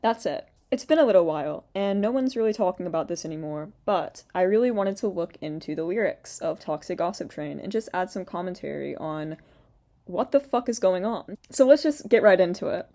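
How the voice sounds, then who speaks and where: A woman's voice: lowish voice, lively intonation, a little fast, mellow. A young woman giving casual reaction commentary on a song's lyrics, sarcastic, swearing often and laughing between lines. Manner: mocks quoted lines in a put-on voice. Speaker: commentary YouTuber.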